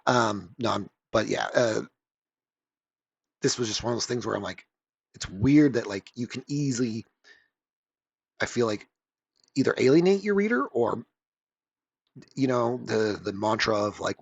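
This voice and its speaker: Husky gravelly guy rambling on a vlog, super offhand, swears a bit. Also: on the low side, lively intonation, moderate pace, pauses often. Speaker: comic reviewer. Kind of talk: casual vlog commentary.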